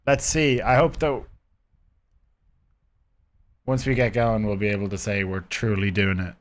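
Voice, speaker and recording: A man's voice: lowish voice, fairly even intonation, measured pace. Rambling man chatting on a game stream. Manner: rambling, chatty, talking to chat. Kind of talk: casual live-stream chat. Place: his own hot room.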